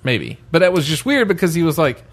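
A man's voice: fairly high pitch, big pitch swings, brisk. A man co-hosting a casual gaming podcast, reading out listener comments and joking with friends. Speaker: podcast host. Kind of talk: casual chat.

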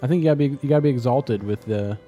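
A man's voice: mid-range voice, rapid-fire, warm tone, dull audio. Male podcast host, casual, rambling, jokey delivery, faint music bed. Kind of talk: casual gaming chat.

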